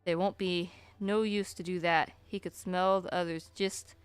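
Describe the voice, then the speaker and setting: A woman streamer reading a story aloud at a slow, deliberate pace, with chatty asides. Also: lowish voice, fairly even intonation, smooth, dry recording, faint music behind.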